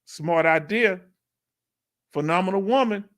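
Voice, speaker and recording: A man from Houston with a Southern accent hosting a casual veteran livestream Q&A, reading viewer comments aloud in slangy, animated talk. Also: high-pitched, a little slow. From Houston, Texas.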